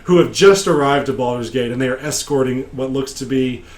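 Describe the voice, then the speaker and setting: Guy hosting a podcast recapping a d&d game, rambly with lots of ums, average-pitched voice. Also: fairly quick. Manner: rambling with many fillers. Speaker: podcast host. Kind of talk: casual game recap chat.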